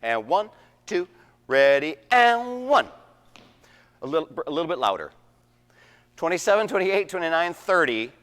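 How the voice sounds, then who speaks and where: A man's voice: fairly high pitch, sing-song, brisk, a bit bright. A man conducting a wind band rehearsal, counting off and singing rhythms aloud. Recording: echoey hall.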